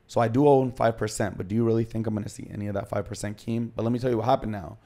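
A man's voice: fairly low pitch, fairly even intonation, rapid-fire, mellow. A man as a podcast guest, candidly recounting his own story in short, confessional present-tense bursts.

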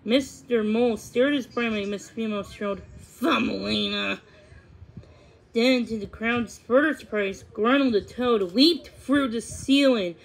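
A woman narrating a storybook read-aloud in a measured, expressive way. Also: a little high, low-quality recording. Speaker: reader.

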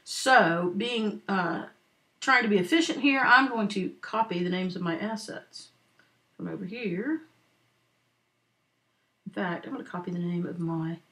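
Her voice is medium-pitched and a little bright as she teaches an accounting lesson over a screen recording. The instructor patiently works through an exercise at a slow, note-friendly pace, checking on students often with "okay?" and "right?".

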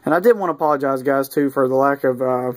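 A man talking casually through an unboxing at an ordinary pitch, reading card names in a steady run. He drops in small excited remarks and plenty of ums and uhs. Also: fast talker. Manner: easygoing, reads off cards one after another; mildly excited asides with fillers. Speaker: video creator opening card packs.

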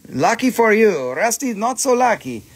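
A tired man hosting a late-night live crystal sale, joking and swearing in loose, non-native English as he pitches each piece. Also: moderate pace, breathy edge. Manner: playful, joking and profane, with non-native phrasing; animated, jumps between teasing and pitching. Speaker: crystal seller hosting a live sales stream. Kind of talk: casual live sales chatter.

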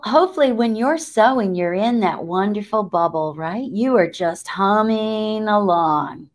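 A middle-aged woman giving a lively sewing tutorial, who asks questions and answers them herself. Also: medium pitch. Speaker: sewing needle expert. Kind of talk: lively live tutorial talk.

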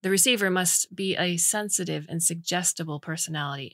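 Woman reading a story aloud, slightly low voice, super dry close mic. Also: fairly even intonation, brisk, fairly bright tone, no room sound. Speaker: narrator. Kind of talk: audiobook story narration.

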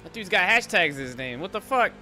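A young man streaming a racing game, excitable and swearing, muttering to himself as he drives. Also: high-pitched, fast talker, soft background music. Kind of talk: live gaming stream chat.

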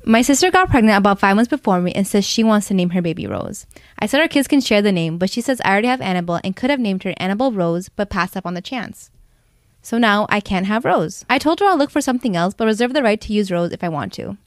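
A woman reading stories aloud in a quick, steady storytelling delivery. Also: mid-range voice, no echo, clean studio sound.

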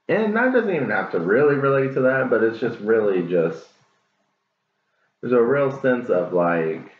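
A man's voice: medium pitch, animated, moderate pace. A man doing a casual tarot reading, chatty, laughing and cussing as he talks. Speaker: tarot reader. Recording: lo-fi, phone-like, echoey, faint hiss.

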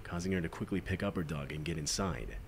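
A man giving measured, factual scripted narration of crime clips, heard from a played-back video. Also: low voice, slightly rough. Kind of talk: scripted news-style narration.

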